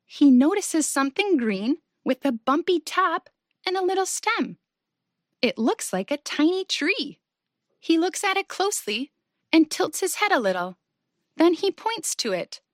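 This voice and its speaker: A woman reading a children's story aloud in a gentle, sing-song way, speaking to young listeners. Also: sits high, big pitch swings, measured pace, dry recording, studio quality.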